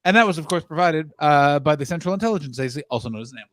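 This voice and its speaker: A man's voice: on the high side, expressive, rapid-fire, no echo, studio quality. A man hosting a comedy podcast, playful and quizzing his guest in casual chat. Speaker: podcast host.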